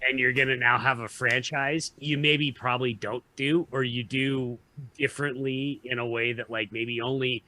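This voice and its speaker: Bright-voiced man reasoning through a film. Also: mid-range voice, flat delivery, normal speed. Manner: reasoned, builds arguments, swears casually. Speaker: podcast co-host. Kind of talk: casual film discussion.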